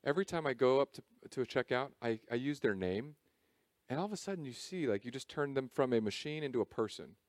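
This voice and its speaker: Animated male pastor preaching. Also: mid-range voice, quick pace, no echo, clean studio sound. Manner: animated, conversational preaching with jokes. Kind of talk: sermon. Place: church service.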